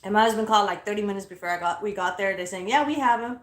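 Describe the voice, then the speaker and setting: A woman's voice: medium pitch, very fast, reverberant. Blunt, foul-mouthed woman ranting. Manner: blunt, profane, indignant. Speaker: host. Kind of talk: casual storytelling rant. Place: inside a car.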